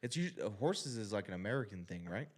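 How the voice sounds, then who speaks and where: A man's voice: fairly low pitch, big pitch swings, fast talker, slightly rough. A man co-hosting a podcast, making playful, silly claims in casual chat. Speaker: podcast co-host.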